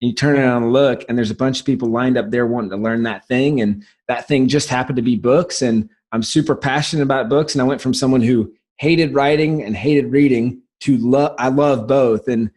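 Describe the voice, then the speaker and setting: A man with a light Southern US accent talks as a podcast guest, eager and quick, often restarting his sentences. His voice sits at an ordinary middle pitch. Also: fairly even intonation, darkish tone. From South Carolina. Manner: fast, enthusiastic storytelling with frequent restarts. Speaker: guest, business founder. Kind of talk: casual podcast interview.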